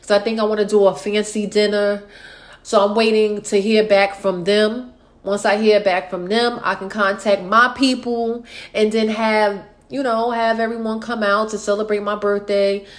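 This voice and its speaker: A woman's voice: medium pitch, level tone, normal speed. Late thirties woman vlogging casually, sentimental, lots of whews and sighs. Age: 30s. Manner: emotional, sighing, chatty. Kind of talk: casual chat to followers.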